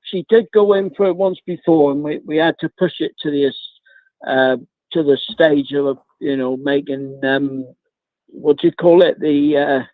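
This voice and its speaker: A man calling in to a live stream, rambling with many pauses and calling the host mate. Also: fairly high pitch, dry recording. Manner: rambling, says mate a lot, frequent ums. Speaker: caller. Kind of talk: casual phone chat. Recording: tinny dry phone line.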